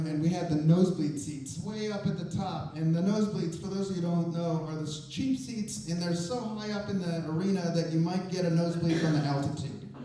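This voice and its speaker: A man telling a personal story to a live audience on stage, in a lively conversational way that builds suspense. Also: high-pitched, slight background noise. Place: stage in a performance venue. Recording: very echoey, voice from a distance.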